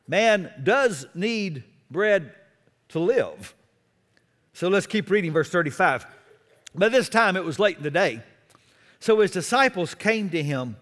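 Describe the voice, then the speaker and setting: A middle-aged man preaching a sermon as pastor, expressive, with self-deprecating humor. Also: sits high, in a large hall.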